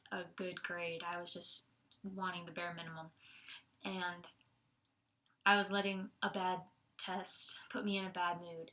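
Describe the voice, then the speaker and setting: A woman's voice: fairly low pitch, sharp tone. A young woman giving a casual Sunday devotional talk, chatty, laughing often and using many fillers. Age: young adult.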